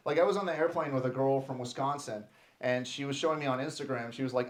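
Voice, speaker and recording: A man in his thirties from Texas doing a stand-up comedy set on a club stage, animated and playing out little voices. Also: medium pitch, fast talker.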